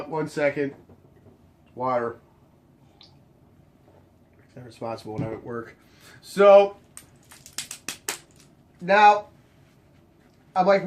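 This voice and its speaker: A young man casually tells a story about bartending, animatedly acting out every exchange. Whenever he quotes other people, his voice jumps suddenly high in pitch.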